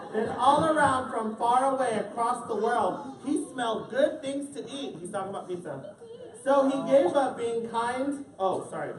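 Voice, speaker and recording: A drag queen reading a picture book aloud to children, with playful joking asides to the audience. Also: mid-range voice. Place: indoor event space with a family audience. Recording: echoey room, far from the mic, crowd.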